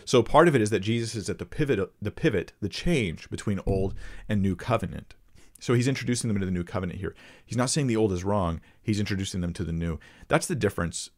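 A man's voice: on the low side, animated, fast, a little mellow. A man answering viewer questions about the Bible, thinking aloud and reading scripture passages with emphasis. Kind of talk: casual teaching Q&A.

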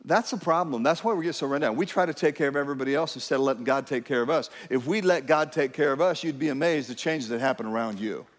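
A man preaching a sermon to a congregation, swinging from hushed, quiet lines to loud emphatic ones and calling out to the crowd. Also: on the high side, fast, hardly any pauses. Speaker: pastor. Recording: long hall reverb.

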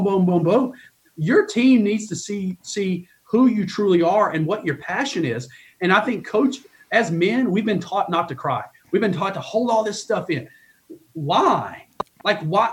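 Earnest, emotional middle-aged male coach. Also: high-pitched. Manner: earnest, emotional storytelling with many restarts. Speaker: college baseball coach. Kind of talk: podcast interview.

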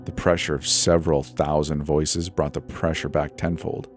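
A man with a very deep, low voice reads a scary story in a measured, dramatic way. Soft music plays faintly behind him. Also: level tone. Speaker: narrator. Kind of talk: horror story narration. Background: faint background music.

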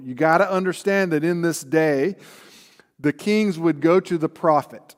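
A fairly high-voiced Southern man preaches in a conversational, easygoing way, tossing "right?" out to the room. His voice rings with the long reverb of a church sanctuary. He sounds like a pastor working through scripture with his congregation. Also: moderate pace. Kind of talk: sermon.

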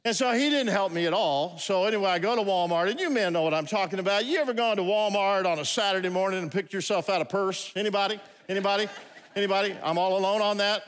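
High-voiced joking preacher in a big hall. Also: male voice, fast, fairly bright tone, smooth. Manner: storytelling with comic asides and restarts. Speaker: pastor. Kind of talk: humorous sermon. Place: large church hall. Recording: long hall reverb.

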